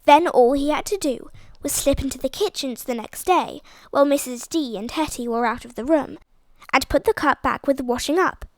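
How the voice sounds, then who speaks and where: High-voiced woman narrating an audiobook. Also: moderate pace, no echo.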